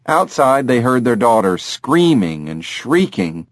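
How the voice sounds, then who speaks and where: A man's voice: medium pitch, big pitch swings, a little slow, no room sound, studio quality. A man reading an audiobook in a scripted narration style.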